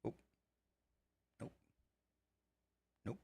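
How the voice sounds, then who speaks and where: A man streaming a game live, rambling excitedly, laughing and swearing as he reacts to chat. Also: drawn-out words, no echo, studio quality.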